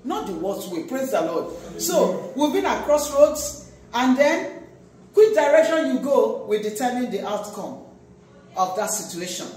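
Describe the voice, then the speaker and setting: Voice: mid-range voice, big pitch swings, unhurried, slight background noise. Preacher in an echoey hall. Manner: emphatic preaching, swinging between loud exhortation and quiet asides. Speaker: pastor. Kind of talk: sermon. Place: large echoey church hall. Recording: echoey church hall from far off.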